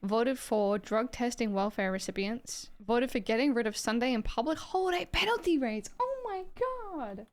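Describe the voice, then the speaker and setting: A woman's voice: on the high side, moderate pace, hardly any pauses. An Australian woman streaming live, chatting casually and rambling as she reacts to her chat and swears freely.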